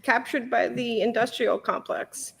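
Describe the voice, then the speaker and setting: A woman's voice: a little high, unhurried, vocal fry, a bit bright, breathy edge. A woman answering game show questions over a video call, wry with jokey asides. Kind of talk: casual answers.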